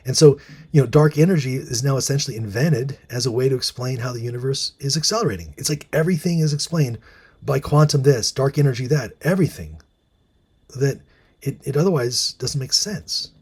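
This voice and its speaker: A man's voice: mid-range voice, fairly quick, darkish tone, breathy edge. A man hosting a casual monologue, musing with many fillers and restarts and reading out bits of articles. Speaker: host.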